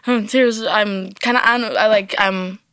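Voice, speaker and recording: Playful bright-voiced woman host. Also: medium pitch, fairly even intonation, clear, resonant tone, no room sound, studio quality. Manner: playful, quick reactions, swears casually. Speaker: podcast host. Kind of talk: casual chat.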